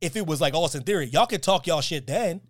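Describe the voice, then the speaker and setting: A man's voice: fairly high pitch, animated, quick pace, no room sound, clean studio sound. A man hosting a podcast, talking in a casual, emphatic and slangy way, repeating his points. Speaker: podcast host.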